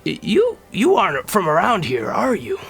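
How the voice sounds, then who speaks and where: A frail old dwarf who is hard of hearing, kindly and halting, stumbling over his words, as a man puts him on. The voice is raised high and bright, and faint music plays behind it. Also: wildly swooping pitch, creaky, full character voice. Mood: friendly. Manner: halting, stammering old man's speech.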